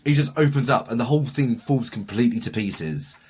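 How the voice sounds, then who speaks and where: A man's voice: mid-range voice, lively intonation, a little fast, darkish tone, slight background noise. A man co-hosting a podcast, telling a story in loose, rambling casual chat, swearing often and restarting his sentences. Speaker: podcast co-host.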